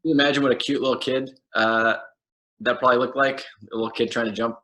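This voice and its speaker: A man, an actor and guest, telling an absurd comedic story in a rambling, deadpan way with fillers and restarts. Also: medium pitch, fast talker.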